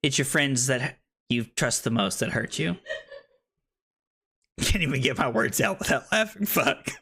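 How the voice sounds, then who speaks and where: A man's voice: medium pitch, lively intonation, measured pace, bright, forceful tone, husky. A tipsy man streaming a card game, joking, laughing and swearing with his chat. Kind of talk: casual livestream chat over a card game. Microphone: streaming microphone.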